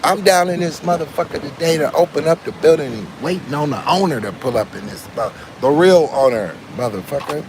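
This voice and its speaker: A man's voice: a little high, expressive, a little fast, hardly any pauses, background noise. A man hosting his own channel, delivering a boastful, profane live-stream rant from inside a building with parked cars. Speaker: channel host.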